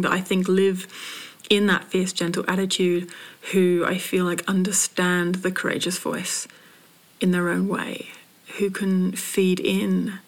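British-raised woman poet hosting her podcast, lowish voice, slow thoughtful talk, restarts a lot. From Britain. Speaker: podcast host, spoken word poet and coach. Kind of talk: reflective solo podcast monologue.

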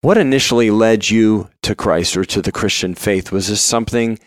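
A man's voice: lowish voice, normal speed, no room sound. A man hosting a podcast who asks friendly, affirming questions with small hesitations. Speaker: podcast host. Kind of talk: casual interview.

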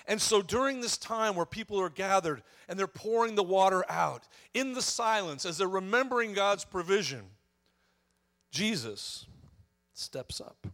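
A man's voice: sits high, a bit bright. A man preaching a sermon, telling a scripture story and swelling then dropping his voice for emphasis. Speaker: pastor.

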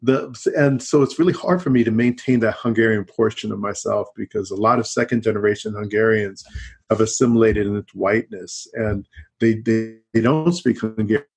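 In an easygoing conversational interview, a middle-aged college teacher talks briskly as a guest in a low, darkish voice with a breathy edge. He rambles, sprinkling in "you know, and so on."

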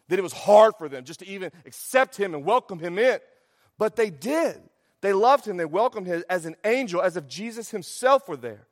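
Male pastor, fairly high voice, animated sermon delivery with loud peaks and hushed drops, long hall reverb. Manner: animated, swings between loud emphasis and quiet asides.

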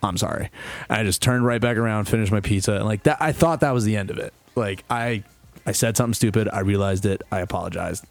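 A young man with a lowish voice spins a long, swearing-laced story on a casual podcast. He rambles and restarts, then slips into the voices of the people in his story. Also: fast talker, gravelly, hardly any pauses, no room sound, soft background music. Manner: profane, rambling storyteller who acts out quotes. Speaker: podcast co-host.

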